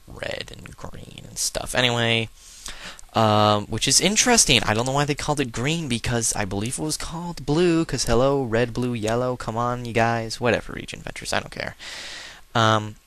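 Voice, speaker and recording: A man's voice: mid-range voice, fairly quick, fairly bright tone, clean tone, no echo. A man giving casual, rambling and joking commentary over a video game he plays. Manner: rambling, joking, lots of fillers. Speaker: let's play host.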